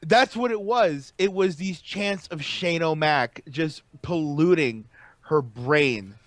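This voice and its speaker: Casting note: high-pitched male podcaster, animated and cursing, dry close sound. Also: slow, dry recording. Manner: animated, profane, emphatic. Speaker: podcast co-host. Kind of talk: casual wrestling podcast chat.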